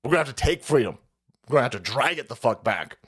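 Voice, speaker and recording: A man's voice: mid-range voice, big pitch swings, fast, a bit bright, husky. A man hosting a livestream, ranting about politics in a foul-mouthed, mocking way and often breaking into laughter. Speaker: livestream host. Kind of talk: profane political rant on a livestream.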